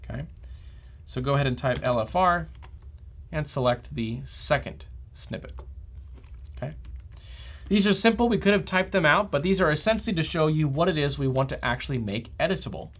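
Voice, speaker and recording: A man's voice: a little high, moderate pace, long pauses, a bit bright. A man teaching a front-end developer lesson as a screencast, talking steadily and checking in with a frequent "okay?". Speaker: developer trainer. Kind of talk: software screencast tutorial.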